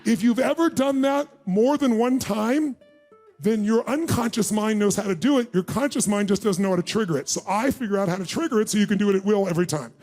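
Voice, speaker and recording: A man's voice: high-pitched, a little fast, darkish tone, faint music behind. A middle-aged man on stage, telling a story to a live audience as a motivational speaker and quizzing the crowd. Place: large event room.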